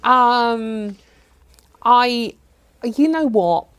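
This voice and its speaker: A woman's voice: on the high side, drawn-out words, fairly bright tone, clean tone. A woman talking as a guest on a podcast panel, chatty and teasing. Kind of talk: podcast chat.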